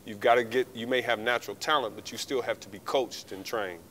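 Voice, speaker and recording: A man, an actor guest, giving measured, thoughtful answers in a casual interview. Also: medium pitch, fairly even intonation. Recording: distant mic with noise.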